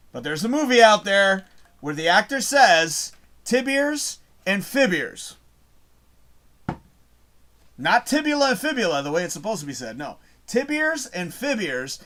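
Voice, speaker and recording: A male livestream host chats casually with his viewers and reads their comments aloud. His voice is bright and forceful and sits a little high. His talk is profane, rambling and animated. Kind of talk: casual live chat reading viewer comments.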